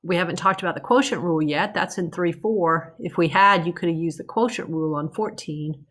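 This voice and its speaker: A woman with a slightly low voice teaches calculus in a recorded lecture. She talks conversationally, often checking in with "okay?", and restarts or corrects herself as she works through the problems. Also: a little fast, a bit bright. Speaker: math teacher.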